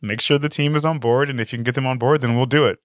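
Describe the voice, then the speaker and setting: A man being interviewed as a company CEO, chatting casually and telling lively stories, acting out quoted voices and laughing often. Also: medium pitch, fast talker, no room sound, studio quality. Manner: animated storyteller, acts out quotes, laughs often.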